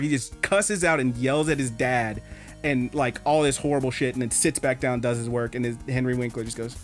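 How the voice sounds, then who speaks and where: A man co-hosting an anime podcast, telling stories in an animated, swearing, casual way. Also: mid-range voice, a little fast, soft background music. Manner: animated storyteller, swears a lot. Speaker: podcast co-host. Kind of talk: casual chat.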